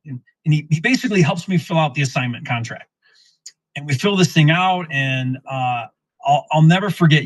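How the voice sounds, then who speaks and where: A middle-aged man telling a real estate story in casual lesson form, acting out the dialogue with lively restarts. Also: mid-range voice, no room sound, rough recording. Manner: animated, acts out quoted dialogue, frequent restarts. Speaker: real estate investor teaching wholesaling.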